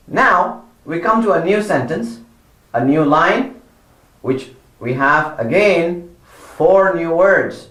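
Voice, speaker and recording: A man teaching children Quran pronunciation, patiently repeating each word slowly and correcting mistakes. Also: on the high side, animated, fairly bright tone, echoey room. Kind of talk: slow pronunciation lesson for children.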